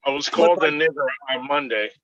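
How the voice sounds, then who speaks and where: On a video call with dull lo-fi audio and a little hiss or hum, an airline agent talks fast in a slightly high, fairly bright voice. He casually retells a confrontation at his job, animatedly acting out both sides.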